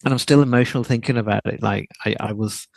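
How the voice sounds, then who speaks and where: A man, a podcast guest, telling a story in a casual, animated way and often repeating words as he talks. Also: fairly low pitch, fast, creaky, no echo.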